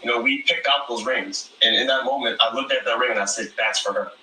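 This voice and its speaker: A man answering questions at a reunion, measured and defensive, heard from a distance in an echoey space. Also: medium pitch, bright, forceful tone, slight background noise. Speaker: reality show contestant.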